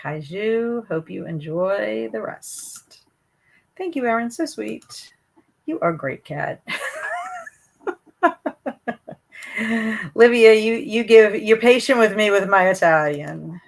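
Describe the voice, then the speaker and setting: A woman's voice: mid-range voice, animated, unhurried, gravelly. Chatty woman hosting a livestream. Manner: chatty, hesitant, many fillers and restarts. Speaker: booktube host reading live chat. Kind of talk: casual livestream chat.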